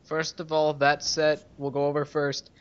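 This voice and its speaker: A man's voice: a little high, completely flat delivery, normal speed, smooth. A man co-hosting a casual podcast, introducing news items with a light, joking tone. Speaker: podcast co-host presenting news. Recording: dull lo-fi audio.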